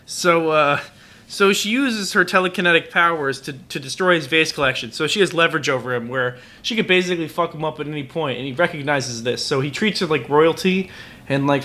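Drunk man, fairly high voice, bright and forceful tone, rambling casual chat, full of fillers. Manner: rambling, many fillers and restarts. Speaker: podcast co-host. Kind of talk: casual chat recapping anime.

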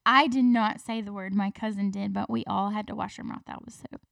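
A woman's voice: medium pitch, fairly even intonation, a little fast, creaky, a bit bright, no room sound, clean studio sound, distant mic. A young woman guesting on a podcast, chatting casually and laughing, trailing off while she thinks. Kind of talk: casual chat.

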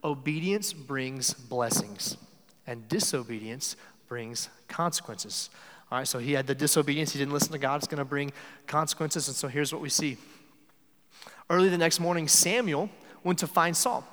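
A man's voice: a little high, moderate pace, fairly bright tone, in a large hall. A man preaching a sermon in a conversational way, often acting out the lines he quotes.

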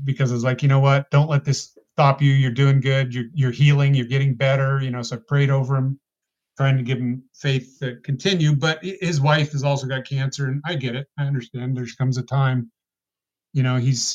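A man sharing a personal testimony as a podcast guest, talking casually and earnestly with halting restarts. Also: mid-range voice, flat delivery, a little mellow. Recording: dull lo-fi podcast audio.

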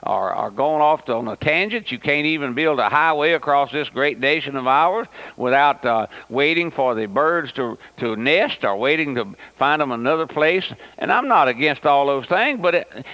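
Folksy, lively radio preacher. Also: male voice, on the high side, normal speed, dry recording. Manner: folksy, emphatic, repeats words and calls listeners "my friend". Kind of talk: radio sermon. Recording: dull, lo-fi radio broadcast.

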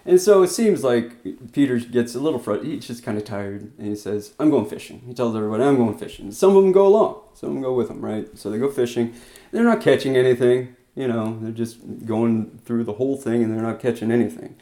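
A man preaching a sermon, retelling scripture in plain conversational words, going from loud emphatic lines to quiet soft ones. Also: on the low side. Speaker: pastor.

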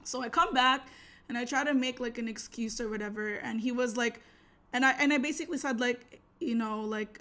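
A woman's voice: fairly high pitch, fairly quick, bright, forceful tone. A young woman telling a story in casual, slangy chat, acting out the voices of the people she quotes.

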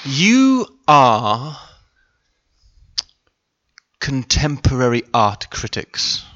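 Bright, upbeat man running improv. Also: medium pitch, big pitch swings, drawn-out words, dull audio. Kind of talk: improv comedy game.

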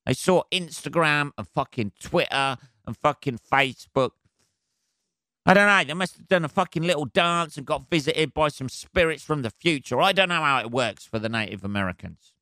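A man's voice: on the high side, normal speed, bright, forceful tone, no room sound, studio quality. A man hosting his own podcast, ranting alone in a sarcastic, rambling, heavily swearing way. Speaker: podcast host. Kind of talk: solo comedic rant.

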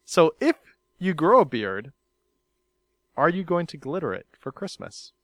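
Podcast host, male, animated delivery and a slightly high voice, dry close sound. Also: a little slow, dry recording. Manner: animated, laughs often, teasing. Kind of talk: casual podcast chat.

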